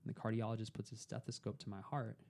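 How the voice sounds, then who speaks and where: A young man telling a personal story as a podcast guest, calm and unhurried. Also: on the low side, vocal fry.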